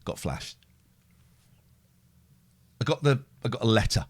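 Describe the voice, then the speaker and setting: A man's voice: medium pitch, very animated, unhurried, slightly rough. A man hosting a podcast, chatting casually and mocking himself as he jumps from one tangent to the next. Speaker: podcast host. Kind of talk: casual chat.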